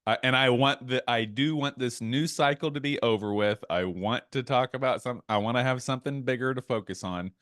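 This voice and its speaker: A man co-hosting a podcast, his voice at an ordinary middle pitch and recorded dry and close to the mic. He talks in a casual, heated way, firing up quickly and dropping into quoted asides. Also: a bit bright, no echo. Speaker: podcast co-host. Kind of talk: casual chat.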